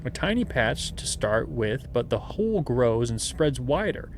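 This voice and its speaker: A man hosting a playthrough, reading a gamebook aloud in a steady way and adding chatty asides. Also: mid-range voice, measured pace, a little hiss or hum. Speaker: host and gamebook narrator.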